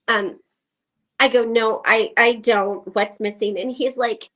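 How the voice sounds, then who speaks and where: A woman's voice: a little high, normal speed, lo-fi sound. A woman telling a story on an online meeting, acting out the quoted lines with lots of fillers. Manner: animated, acts out quoted lines, frequent fillers. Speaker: recovery meeting host. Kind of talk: casual storytelling.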